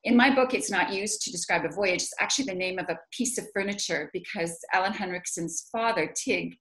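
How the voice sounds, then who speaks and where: A woman author on a casual video call asks for help with pronunciation. Her mid-range voice is brisk and fairly bright, and she's chatty and self-deprecating, hesitating often.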